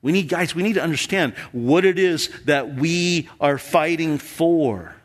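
A man's voice: fairly high pitch, a little slow. Earnest male pastor preaching a sermon. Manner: earnest, swings between loud emphasis and near-whispers.

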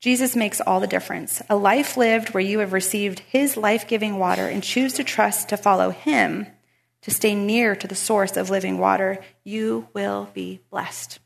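A woman's voice: mid-range voice, moderate pace, gravelly. A woman giving a casual devotional talk, reading scripture and chatting about everyday life. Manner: chatty, animated when retelling a story. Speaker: Bible study speaker.

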